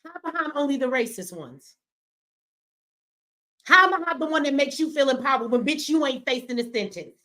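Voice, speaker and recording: A middle-aged woman with a somewhat high voice delivers heated livestream commentary. She talks bluntly and with a lot of profanity, lecturing her listeners in a preachy way. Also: lively intonation, normal speed, pauses often, sharp tone. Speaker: streamer and commentator.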